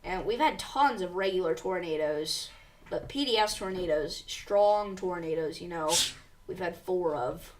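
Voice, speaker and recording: A woman's voice: lowish voice, a little slow, darkish tone, distant mic. A woman hosting a live severe weather stream, reading tornado warnings aloud with urgency and talking straight to her viewers. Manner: urgent, reads warnings aloud, addresses viewers as you guys. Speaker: severe weather livestream host. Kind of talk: live storm coverage commentary.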